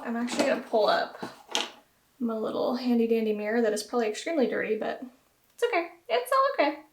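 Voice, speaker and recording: A woman's voice: fairly high pitch, vocal fry. Young Southern woman vlogger, self-deprecating casual chat, recorded in a roomy echoing room. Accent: American Southern. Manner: chatty, self-deprecating, giggly. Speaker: beauty vlogger. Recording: roomy echo.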